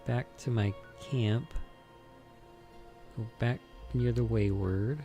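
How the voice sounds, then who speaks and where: Man, gameplay commentary, unhurried, chatty, game music underneath. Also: medium pitch, steady tone, mellow. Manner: chatty, muses aloud while reading game menus. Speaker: let's play host.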